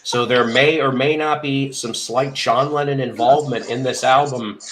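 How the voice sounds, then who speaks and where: A man's voice: medium pitch, steady tone, normal speed, fairly bright tone. Chatty man hosting a record show. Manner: chatty, rambling, presents vinyl albums. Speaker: host. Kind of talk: casual record-show chat.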